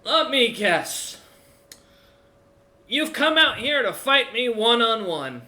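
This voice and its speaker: A man voicing an old, gruff dwarf warlord who coughs up blood and speaks in a loud, mocking way. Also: very high voice, very animated, takes it slowly, pitched above the performer's own voice, full character voice. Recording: echoey room.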